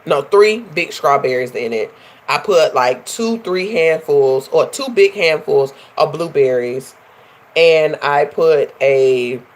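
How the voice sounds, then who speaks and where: A woman's voice: sits low, fairly bright tone. A woman hosting a casual livestream, chatting with viewers, laughing often and calling them y'all. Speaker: life coach and livestream host.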